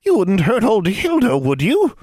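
A man voicing a croaking, wheedling old hag woman who coaxes sweetly. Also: sits high, huge pitch swings, moderate pace, a little mellow, no echo, studio quality, pitched above the performer's own voice, full character voice. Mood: coaxing. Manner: sweetly coaxing.

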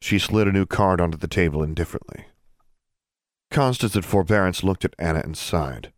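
Low-voiced guy reading a novel aloud, measured, dry close sound. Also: no echo. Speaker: audiobook narrator. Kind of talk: scripted narration.

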